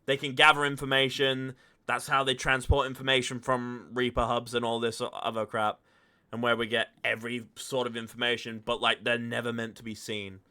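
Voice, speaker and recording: A man's voice: mid-range voice, level tone, fairly quick, bright, forceful tone, clean tone. A man chatting casually after a tabletop game session, talking over his character's choices and boasting in jest. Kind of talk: casual post-game discussion.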